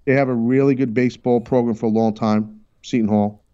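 A man hosting a sports talk show, brash and animated, teasing his crew as he talks. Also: medium pitch, fairly quick, clear, resonant tone, dull audio. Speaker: radio show host.

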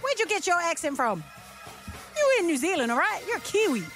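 Lively high-voiced woman preaching advice. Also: brisk, music in the background. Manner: scolding, preachy, emphatic. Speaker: radio co-host. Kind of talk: joking mock-sermon banter. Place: radio studio.

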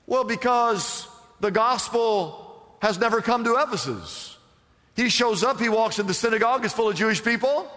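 A man's voice: very high-pitched, fairly bright tone. A man preaching a sermon to a congregation and drawing answers from them with questions, recorded in a church. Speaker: pastor. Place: church sanctuary. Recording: long reverb from a large room.

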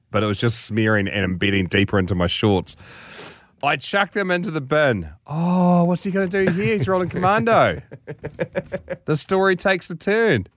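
A man's voice: medium pitch, fairly bright tone, no echo, clean studio sound. A man co-hosting a podcast, reading a story and chatting casually, with blunt joking asides. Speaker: podcast co-host.

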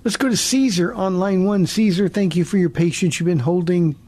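This radio pastor and call-in host, a man in his sixties, talks fairly quickly in a high, darkish voice. He's earnest about the Bible and tends to repeat words when he starts over.

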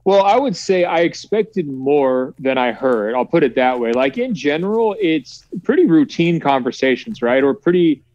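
Man, sportswriter guest, relaxed storytelling, many fillers, dry muffled recording. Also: a little high, moderate pace, few pauses, dry recording. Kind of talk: conversational podcast interview.

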